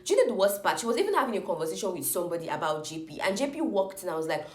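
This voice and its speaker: A woman's voice: fairly low pitch, lively intonation, very fast, few pauses. A young woman reviewing a reality TV show in casual, sassy, exasperated commentary to her viewers. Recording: echoey room.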